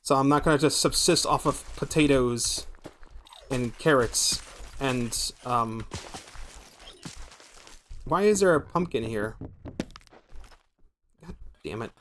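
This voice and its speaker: An American streamer in casual gameplay commentary, his voice sitting at an ordinary mid pitch. He rambles and thinks aloud as he plays, with a loose, unscripted manner and the occasional swear word. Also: slow, pauses often, a bit bright, slight background noise. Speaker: gaming streamer.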